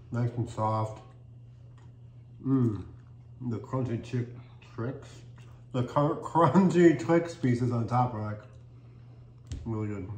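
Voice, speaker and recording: A man hosting a casual tasting video, upbeat and chatty, often talking with a mouthful. His voice sits at an ordinary middle pitch. It bounces around an echoey room with a faint hum of background noise. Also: darkish tone. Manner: upbeat, chatty, talks while chewing. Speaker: cookie reviewer, channel host.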